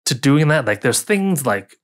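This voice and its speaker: A man's voice: medium pitch, very animated, moderate pace. A man co-hosting a podcast in casual chat, joking and often checking in with "right?". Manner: joking, affirming with frequent "right?". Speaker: podcast co-host.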